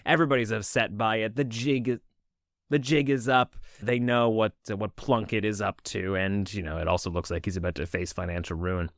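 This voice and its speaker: A man co-hosting a film podcast in casual chat, animated and laughing often, with some casual swearing. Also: on the low side, fairly quick, dry recording, clean studio sound. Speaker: podcast co-host.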